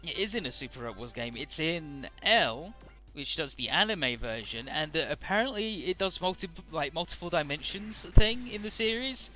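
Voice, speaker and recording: Let's-play host, man, rambling and profane, bright tone, faint game music. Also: on the high side, animated, normal speed. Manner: rambling, profane, loose summarizing. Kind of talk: casual game commentary.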